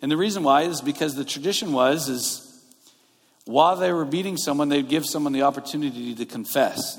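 A male pastor with a voice on the high side preaches at a moderate pace, walking through scripture verse by verse in a conversational manner. The recording has the long reverb of a large hall.

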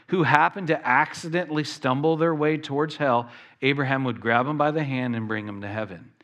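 Animated male preacher acting out voices. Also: mid-range voice. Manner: animated, acts out quoted voices. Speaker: pastor. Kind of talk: sermon.

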